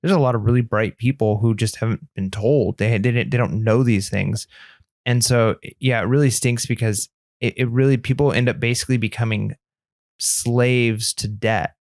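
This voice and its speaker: A man's voice: medium pitch, steady tone, moderate pace, a little mellow, no echo, studio quality. A man co-hosting a podcast in casual chat, talking earnestly and rambling with lots of "like" fillers. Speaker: podcast co-host.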